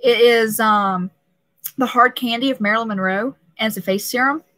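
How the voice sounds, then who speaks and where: A woman's voice: a little high, moderate pace, a bit bright, dry recording, rough recording. A young pregnant woman hosting a casual live stream, talking emotionally and laughing often, with many restarts.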